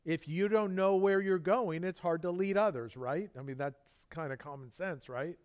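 A man giving a relaxed, conversational sermon, his voice sitting a bit high for a man. He tells everyday stories and acts out little bits of dialogue as he preaches. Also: moderate pace. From Southern California. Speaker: pastor. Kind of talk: casual sermon.

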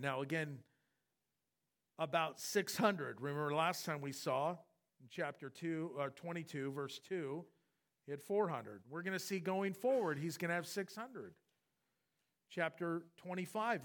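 Male pastor, high voice, animated Bible teaching that slips into the characters' voices. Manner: animated, acts out voices of the story. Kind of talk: expository sermon.

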